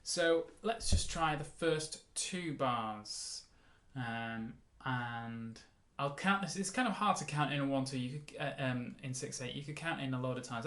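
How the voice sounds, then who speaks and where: A man talks through a mandolin lesson in a relaxed, easygoing way, often stopping to count the beats aloud. His voice sits at an ordinary pitch for a man. The sound is roomy, and mandolin playing is heard faintly in the background. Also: unhurried, faint music behind. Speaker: mandolin teacher. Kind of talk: casual music lesson.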